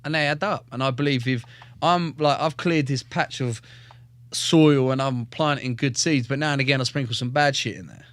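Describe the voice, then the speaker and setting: A man's voice: mid-range voice, moderate pace, no room sound. A man, a professional fighter, telling his life story as a podcast guest in a blunt, profane, joking way, often stumbling and repeating words. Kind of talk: casual storytelling in a podcast interview.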